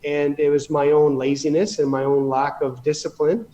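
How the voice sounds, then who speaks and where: Canadian man, guest on a chat show, slightly high voice, rambles and restarts, emphatic asides. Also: level tone, moderate pace, warm tone, a little hiss or hum. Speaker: podcast guest, real estate investor. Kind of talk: casual storytelling in conversation.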